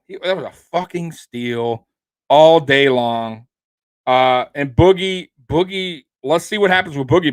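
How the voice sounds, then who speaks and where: A man's voice: fairly high pitch, a bit bright, dry recording. Young man, heated profane sports rant, rambling restarts, dry recording. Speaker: sports podcast host.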